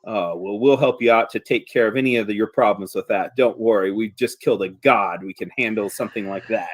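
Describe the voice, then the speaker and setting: A man's voice: lowish voice, brisk, no echo, natural voice. A man voicing a brash male adventurer who boasts about his deeds. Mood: boastful.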